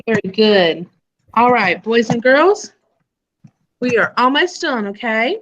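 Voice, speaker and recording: Slow sing-song woman teaching phonics. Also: on the high side, very animated, a bit bright, highs cut off. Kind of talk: live online phonics lesson for young children. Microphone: video call.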